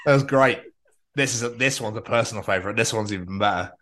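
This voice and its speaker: A man co-hosting a casual podcast, reading out posts in a sarcastic, sweary, deadpan way. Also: fairly low pitch, quick pace. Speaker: podcast co-host.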